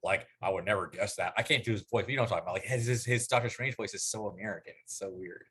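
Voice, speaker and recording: Low, husky-voiced man chatting on a podcast. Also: fairly bright tone. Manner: rambling, profane, quick to jump in. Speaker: podcast co-host. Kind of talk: casual chat.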